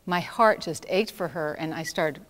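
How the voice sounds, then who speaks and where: A woman telling personal stories in an earnest, reflective way, pausing and restarting as she recalls them. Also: low-pitched. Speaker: speaker recounting volunteer work. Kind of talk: personal storytelling talk. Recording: long hall reverb.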